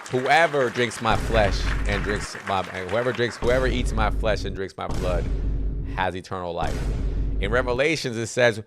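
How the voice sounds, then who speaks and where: A man's voice: fairly low pitch, normal speed, over loud music, a loud crowd. A man hosting a livestream, reading out viewer comments and arguing back with a preachy, combative manner. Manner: argumentative, preachy, reads comments aloud. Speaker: livestream host answering chat. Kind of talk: casual livestream chat, debating commenters.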